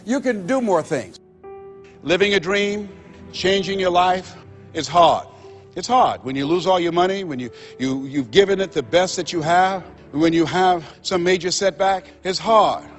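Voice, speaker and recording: A man giving a motivational speech, telling stories and swinging between loud exhortation and hushed, confessional moments. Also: sits high, a little slow, soft background music. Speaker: motivational speaker.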